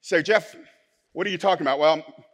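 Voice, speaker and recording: A male pastor delivers a sermon at a fairly quick pace, swinging between soft, low asides and loud, forceful declarations.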